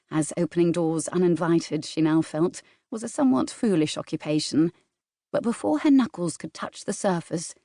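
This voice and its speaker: A woman narrating a romance novel in a smooth, measured storytelling voice, recorded close in a studio. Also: lowish voice, mellow, no echo. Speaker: audiobook narrator. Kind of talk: scripted narration. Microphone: studio microphone, close.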